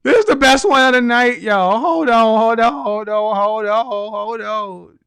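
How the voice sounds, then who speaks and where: A man's voice: very high-pitched, unhurried, gravelly, fairly bright tone, clear, resonant tone. A man hosting a live stream, reading viewer comments aloud and mocking them with teasing rhetorical questions and bursts of laughter.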